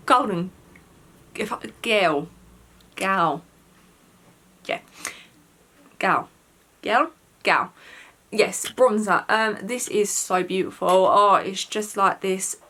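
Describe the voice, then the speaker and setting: Woman, beauty vlogger, bright crisp voice, chatty, gushing, casual product review. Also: medium pitch.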